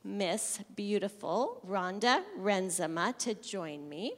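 A woman hosting a church gathering, briskly introducing the next speaker. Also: medium pitch, expressive, noisy background. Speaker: church event host. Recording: long reverb of a large hall.

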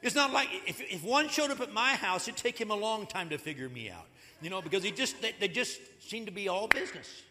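A man preaching a sermon in a church, conversational and animated, acting out the stories as he goes. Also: high-pitched, a little fast, a little hiss or hum. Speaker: pastor. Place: church sanctuary. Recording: echoey hall.

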